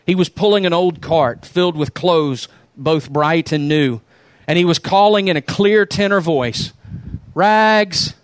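A male pastor closing his sermon by reading a story aloud in an earnest, unhurried way. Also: on the high side, dry recording.

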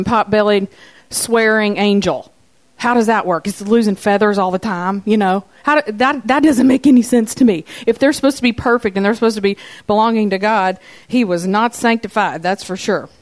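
A woman's voice: medium pitch, a little mellow. Conversational woman preaching a sermon. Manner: conversational, asks the congregation questions. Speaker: pastor.

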